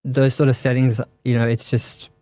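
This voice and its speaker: Male guest, mid pitch, monotone delivery, halting and reflective, dry close sound. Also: no room sound. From Australia. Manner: thoughtful, halting, many restarts and fillers. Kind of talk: reflective conversational interview.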